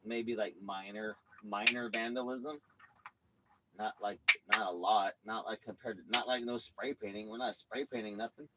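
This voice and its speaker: A man's voice: fairly low pitch, steady tone, normal speed, heavy background noise. A middle-aged man hosting a livestream, telling rambling, profane stories full of acted-out quotes in a casual chat style. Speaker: livestream host.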